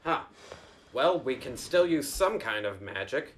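A man playing a tabletop game, talking in a lively, exclaiming way. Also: mid-range voice, measured pace, slight background noise. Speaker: player.

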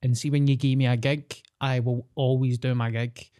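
A man's voice: medium pitch, level tone, moderate pace, dark tone, smooth. Casting: Scottish man, podcast co-host, jokey and self-deprecating storyteller. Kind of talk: casual chat.

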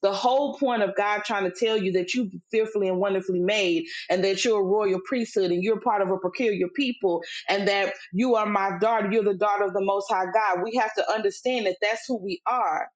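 A middle-aged woman co-hosting a faith podcast, telling a family story in a relaxed, chatty way and building into emphatic, preachy points. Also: mid-range voice, fairly quick, few pauses, lo-fi sound. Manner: conversational, acts out quoted voices, turns preachy and emphatic. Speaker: podcast co-host. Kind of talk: casual faith-based storytelling chat.

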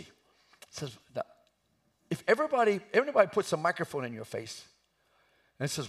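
Fiery high-voiced preacher. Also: male voice, huge pitch swings, brisk, long pauses, slightly rough. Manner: impassioned, shouting at climaxes. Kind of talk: sermon.

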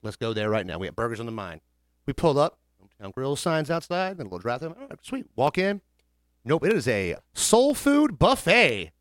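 Man, podcast host, animated storyteller, does voices. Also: medium pitch, fast talker, no room sound, clean studio sound. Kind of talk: casual storytelling chat.

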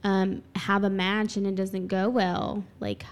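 A woman's voice: mid-range voice, flat delivery, a little slow. Chatty, teasing female podcast co-host. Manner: chatty, teasing, explains with personal examples. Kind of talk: casual chat.

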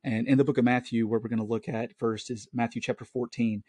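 A man's voice: mid-range voice, flat delivery, fast talker, darkish tone, husky, no echo. Earnest man hosting a home podcast. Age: late 20s. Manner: earnest, rambling storytelling. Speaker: Christian podcast host. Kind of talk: casual solo podcast talk. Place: at home, family in the next room. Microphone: own podcast mic.

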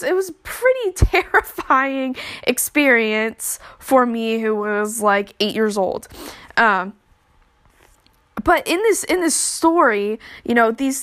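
A woman's voice: sits high, a bit bright. Earnest young woman giving a devotional talk. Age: young adult. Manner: earnest, many fillers and restarts. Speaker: podcast devotional speaker.

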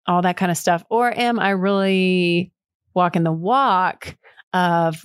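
A woman's voice: fairly low pitch, unhurried, clear, resonant tone, no echo, studio quality. A middle-aged woman hosting a podcast, talking candidly and reflectively on her own, rambling with fillers and quoting herself. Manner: candid, rambling, with frequent fillers and self-quotes. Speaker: podcast host. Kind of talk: reflective solo monologue.

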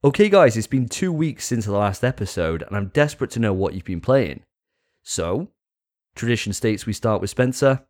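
Jokey man hosting, lively pitch. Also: normal speed. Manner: jokey, crude banter. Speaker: podcast host. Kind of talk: casual chat.

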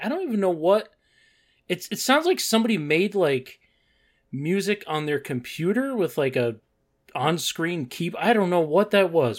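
A man riffing on a bad movie with a co-host, animated and quick to laugh. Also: fairly high pitch. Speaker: podcast co-host. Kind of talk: casual movie recap chat.

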